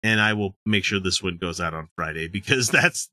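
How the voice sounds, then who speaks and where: A man's voice: sits low, normal speed, dry recording, clean studio sound. A man hosting a casual commentary podcast, swearing freely and joking as he sets up clips. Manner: profane, joking and lively. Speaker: podcast host.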